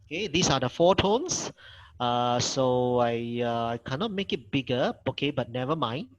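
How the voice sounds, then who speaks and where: A man's voice: medium pitch, expressive, moderate pace, lo-fi sound. A middle-aged man with a Malaysian English accent, teaching a Mandarin workshop over a video call, patient and repeating his points. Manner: patient, repeats himself, models tones. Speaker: Mandarin lecturer. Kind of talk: online language workshop teaching.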